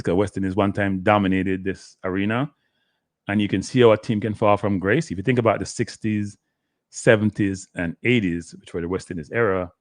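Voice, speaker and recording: Rambling sports stream host. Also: male voice, fairly low pitch, no room sound. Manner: rambling, talks to the chat by name, slips into Caribbean patois. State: dry throat. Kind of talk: casual live-stream chat.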